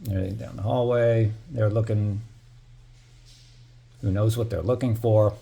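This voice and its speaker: A man's voice: lowish voice, fairly even intonation, slow pace, vocal fry, mellow. A middle-aged man telling a story in a casual vlog, heated and profane, full of "you know" fillers. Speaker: building resident narrating security footage.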